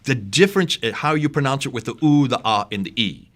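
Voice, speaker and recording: A man's voice: medium pitch, animated, a little fast, a bit bright. Man from the US, co-host, emphatic, explanatory, asks leading questions. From United States. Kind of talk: conversational discussion on manuscripts.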